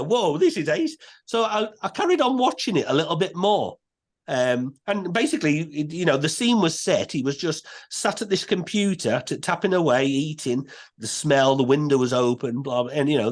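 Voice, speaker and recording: A man, a podcast guest telling a story in a casual, animated way. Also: a little high. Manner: animated, many restarts and quoted voices.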